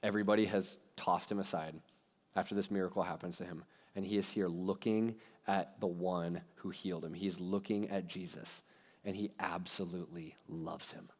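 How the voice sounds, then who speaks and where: A man pastor giving a conversational sermon, retelling a story in a casual, animated way with lots of "like.". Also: low voice, normal speed. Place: church sanctuary. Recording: long hall reverb in a church.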